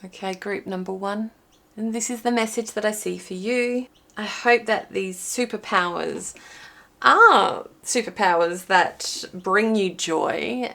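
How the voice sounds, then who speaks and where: A creaky, sharp-toned, mid-range woman's voice. She's an intuitive card reader talking viewers through a pick-a-card reading, musing aloud as she pulls cards while filming herself and watching a small screen.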